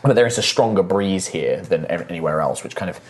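A man narrating a tabletop game as game master, relaxed and full of fillers. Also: sits low, a little fast, a little hiss or hum. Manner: relaxed, many fillers like "um" and "kind of".

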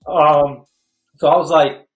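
A middle-aged man, a guest actor, telling a lively story and acting out quotes with jumps in pitch. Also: takes it slowly, muffled recording, soft background music. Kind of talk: animated storytelling. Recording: roomy echo.

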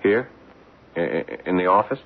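An actor playing a young adult son who runs the family firm in a radio drama, breezy and deflecting. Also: male voice, deep voice, lively intonation, normal speed. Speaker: son and company executive. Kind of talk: 1950s radio drama acting. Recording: narrow phone-like old radio recording.

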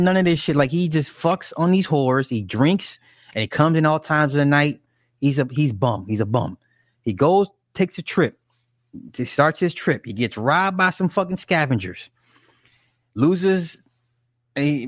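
A man's voice: fairly high pitch, no room sound. Man, casual chat, rambling and profane, dry close sound. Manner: rambling, profane, restarts and asides. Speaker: film recapper.

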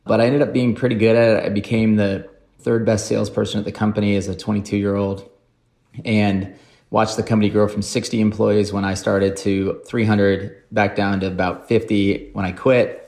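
A man's voice: lowish voice, little pitch movement, moderate pace, a little mellow. A man in his forties, a podcast guest, telling his career story in a casual, self-deprecating way. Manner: self-deprecating, acts out quoted voices.

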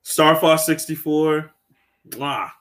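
A young man co-hosting a casual gaming podcast chat, excitable and animated, laughing often as he talks. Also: fairly high pitch, slow pace, slight background noise. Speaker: podcast co-host.

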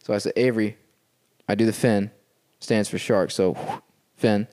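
A man's voice: on the low side, unhurried. A man guest on a podcast, telling a story in casual chat and checking in with his listeners as he goes. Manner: animated storyteller who keeps checking in with "okay?". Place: a house.

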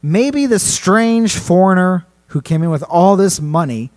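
A man's voice: sits high, animated, measured pace, a little mellow. A man hosting a casual podcast chat, telling a spooky story in a playful, rambling way and laughing often. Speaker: podcast host.

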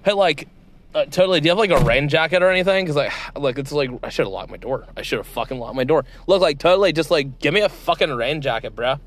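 A man's voice: fairly high pitch, quick pace, close to an everyday voice. A man putting on a crude, swaggering male crypto tycoon who talks like a valley girl, full of fillers and bro slang. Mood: whiny.

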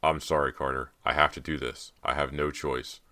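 A man with a very deep voice reading the lines of a stern, grave judge who is also the father, speaking firmly. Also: flat delivery, moderate pace, pushed and bright. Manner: grave, firm.

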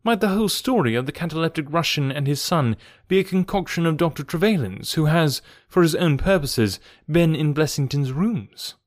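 An earnest, slightly tentative male companion voiced by a man, raised a little in pitch. The delivery is close and dry. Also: lively intonation, moderate pace, few pauses, no echo, close to an everyday voice.

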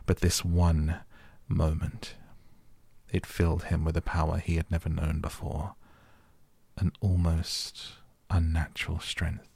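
A man reads a storybook aloud as a calm bedtime audiobook. His voice is very low, gravelly and husky, with an even, flat delivery, recorded close and dry. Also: no room sound. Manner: calm, gentle, measured. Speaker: audiobook narrator. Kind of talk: soft bedtime audiobook reading.

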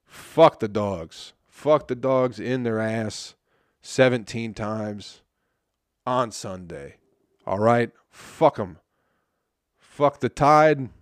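Profane, ranting man with low voice. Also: slow, no room sound, studio quality. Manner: swears constantly, laughs at his own jokes. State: dry throat. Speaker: podcast host. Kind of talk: profane comedic rant.

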